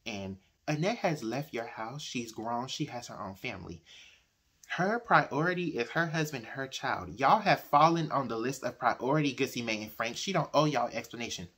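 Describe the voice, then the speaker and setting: Brief: husky-voiced man, opinionated book vlogger, retells the plot chattily. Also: medium pitch, expressive, moderate pace, fairly bright tone. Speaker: book reviewer. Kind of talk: casual book discussion.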